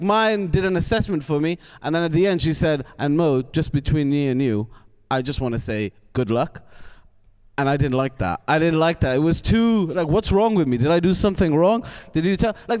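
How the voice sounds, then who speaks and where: Ranting stand-up comedian from Wales. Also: male voice, on the high side, expressive, brisk, hardly any pauses, a little mellow, clean tone, in a large hall. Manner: cantankerous, ranting, stammering restarts. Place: theatre stage before a live audience.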